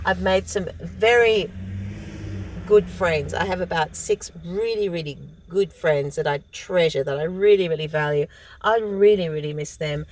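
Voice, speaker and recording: A woman with an Australian accent, chatting as a guest comedian in a casual interview, self-deprecating and quick to laugh. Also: on the low side, slight background noise, low-quality recording.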